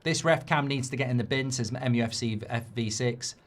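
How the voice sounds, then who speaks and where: In a brisk, medium-pitched voice, a middle-aged man runs a live football watchalong. His commentary is full of ranting and swearing, whiny-voiced mockery of others, and chat messages read aloud.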